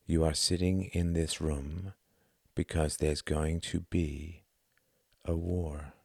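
A man voicing an earnest, intense German mentor who speaks in a measured, gentle way. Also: extremely low pitch, level tone, creaky, no room sound, clean studio sound, exaggerated voice.

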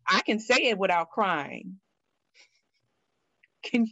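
Candid woman guest, lowish voice. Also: a little slow, dry recording. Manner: candid, animated, acts out quoted thoughts. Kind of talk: personal storytelling in conversation.

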